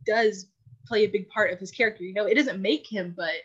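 A woman's voice: medium pitch, fairly quick, breathy edge, highs cut off. A woman co-hosting a casual podcast, thoughtful and hesitant, often restarting her sentences. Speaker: podcast co-host. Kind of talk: casual chat.

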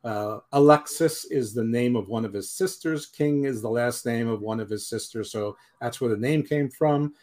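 A man's voice: mid-range voice, normal speed, hardly any pauses, darkish tone. Rambling, opinionated male podcast co-host. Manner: opinionated, rambling, trails off into mumbles. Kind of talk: casual chat.

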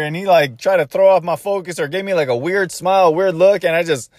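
A man's voice: high voice, brisk, darkish tone. A man tells a casual first-person story in a slightly raised voice, rambling along and often restarting his sentences. He drops in his own inner thoughts as he goes. The sound is dry, with no room echo.

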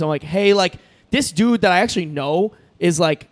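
A man's voice: sits high, animated, brisk. A young man from Arizona in casual chat, recounting a story with quoted dialogue and frequent restarts.

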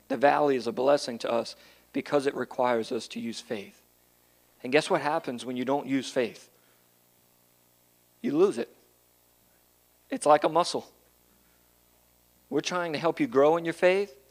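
A man preaching a casual, conversational sermon, moving between quiet asides and loud, emphatic passages. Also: on the high side. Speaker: pastor.

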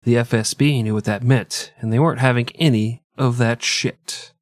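A man's voice: mid-range voice, steady tone, moderate pace, no room sound, clean studio sound. A man hosting a comedy history podcast, telling the story in a sarcastic, profane way and laughing often. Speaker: podcast host. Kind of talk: casual comedic history chat.

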